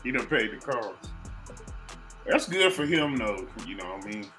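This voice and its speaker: Male co-host, relaxed banter, crisp bright voice. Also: medium pitch, moderate pace, soft background music, poor audio. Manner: laid-back, laughing easily. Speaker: podcast co-host. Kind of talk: casual podcast chat.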